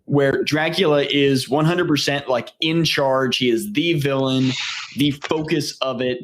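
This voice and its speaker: A man co-hosting a movie podcast, reading out behind-the-scenes notes in a measured way with frequent fillers. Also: mid-range voice, steady tone, slight background noise. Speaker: podcast host. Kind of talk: casual movie review chat.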